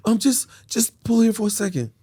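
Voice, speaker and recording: A young woman who sweet-talks and dodges every question, put on by a man telling the story. The voice rides high and breezy, with a husky grain under it. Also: lively intonation, brisk, warm tone. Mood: evasive. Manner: sweet-talking, breezy, evasive. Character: calm evasive young woman girlfriend.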